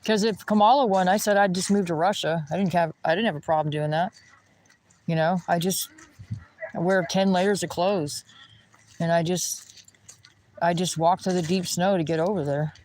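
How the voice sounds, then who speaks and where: A man's voice: sits high, steady tone, moderate pace, pauses often, darkish tone, slight background noise, poor audio. A man ranting in a rambling, indignant way while walking outdoors by a pond. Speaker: vlogger.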